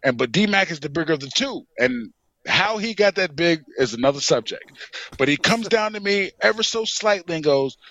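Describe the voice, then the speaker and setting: Excited wrestler guest, bright tense voice. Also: male voice, on the high side, brisk, no room sound, dull audio. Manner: excited, repeats "you know what I'm saying". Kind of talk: animated storytelling in a podcast interview.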